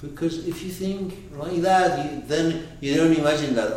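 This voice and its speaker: A man teaching a lecture on a classic poet's book, emphatic and animated, often restarting and repeating words. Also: on the high side, normal speed, hardly any pauses, slight background noise. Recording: echoey room from far off.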